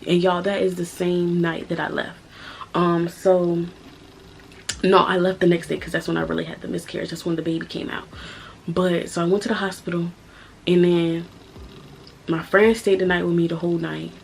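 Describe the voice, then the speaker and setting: A young woman in her twenties with a low, flat, gravelly voice tells a story straight to her camera. She talks bluntly and swears freely, hammering her points home in a casual vlog style. A faint hiss sits under her voice. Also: moderate pace, rough recording. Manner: blunt, profane, emphatic storytelling. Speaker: vlogger.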